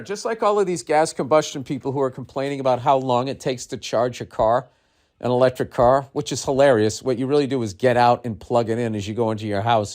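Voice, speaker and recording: A middle-aged man hosting a podcast, riffing in a blunt, sarcastic, profane monologue. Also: mid-range voice. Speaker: podcast host. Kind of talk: casual comedy podcast monologue.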